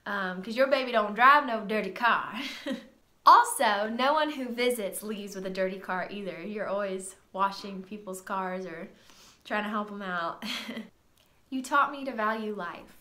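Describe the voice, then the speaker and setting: A young woman giving a heartfelt birthday tribute to her father, reading from a list with soft laughs and a slightly tearful voice, in a sunroom at home. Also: medium pitch, measured pace. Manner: tender, reading from notes with frequent soft laughs. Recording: roomy echo in a sunroom.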